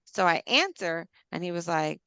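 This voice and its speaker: Animated woman telling stories. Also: moderate pace, clear, resonant tone, dry recording. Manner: animated storyteller, acts out quotes with big pitch jumps. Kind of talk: casual chat.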